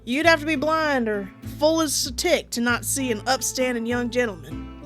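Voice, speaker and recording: A woman's voice: sits high, moderate pace, faint music behind, close to an everyday voice. A woman voicing a young, scarred male hawk outlaw who speaks courteously in a put-on Southern drawl. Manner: courteous, folksy cowboy talk.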